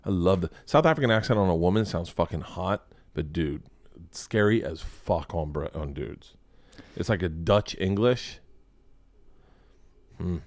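A man hosting a casual podcast chat, rambling and swearing with excitable energy. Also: deep voice, unhurried, pauses often, slight background noise. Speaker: podcast host.

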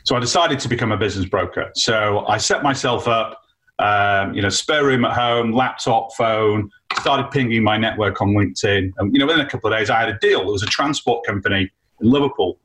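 A man, an entrepreneur guest, telling an animated story about his career in a casual, chatty way with frequent fillers. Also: on the low side, a little fast, low-quality recording. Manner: animated anecdote with many fillers.

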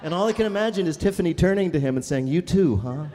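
A man's voice: high-pitched, lively intonation, rapid-fire. A male guest comedian riffing on stage with a voice a bit above average. A long hall reverb sits around him, with faint background noise. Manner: playful, acts out bits. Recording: reverberant live venue.

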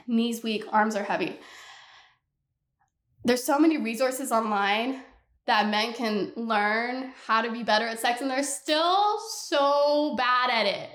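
A young woman hosts her own podcast alone, ranting in a blunt, animated and exasperated way. Her voice sits a little high, and a roomy echo hangs around it. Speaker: podcast host. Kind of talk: solo podcast rant.

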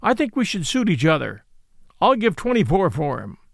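Man doing kind cab driver, cheery, decided, lively, slightly gravelly, storybook. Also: high-pitched, moderate pace, no room sound, studio quality, exaggerated voice. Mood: firm. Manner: gentle, decided.

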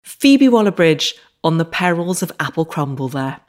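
A woman's voice: deep voice, very animated, moderate pace. A woman hosting a podcast, narrating reflectively with a dry, wry humour. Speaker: podcast host.

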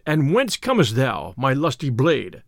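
A man's voice: mid-range voice, wildly swooping pitch, a little slow, gravelly, dry recording, clean studio sound, pitched below the performer's own voice, exaggerated voice. A man voicing a merry young outlaw who teases in jovial, old-fashioned speech, read in a storybook telling. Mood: teasing. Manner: jovial, mocking archaic speech. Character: merry, teasing male outlaw, young adult.

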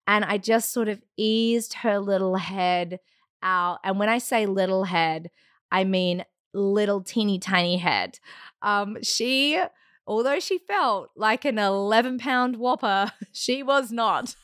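A woman in her thirties chats as a podcast guest, telling her story with plenty of life, acting out sounds and laughing between lines. Her voice sits at a middling pitch, and the recording is close and dry with no room around it. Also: slow, smooth, dry recording. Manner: animated, acts out quotes and sounds; laughs often mid-story. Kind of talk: casual storytelling chat.

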